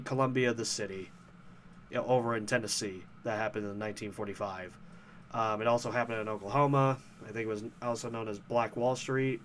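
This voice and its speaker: A man's voice: mid-range voice, pushed and bright, a little hiss or hum. A man hosting a casual commentary show, ranting about online arguments in a profane, sarcastic, heated way. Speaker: host.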